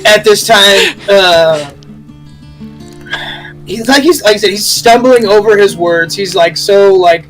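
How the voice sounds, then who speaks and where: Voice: mid-range voice, unhurried, long pauses, a bit bright, soft background music, poor audio. Rambling tabletop player. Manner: rambling, laughing. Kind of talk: tabletop role-play.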